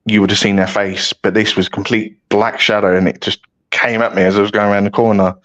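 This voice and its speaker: A man's voice: lowish voice, flat delivery, fairly quick, a bit bright, highs cut off. Chatty British man telling stories. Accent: British English. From United Kingdom. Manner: rambling, self-mocking, restarts often. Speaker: guest paranormal investigator. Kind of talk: casual storytelling chat.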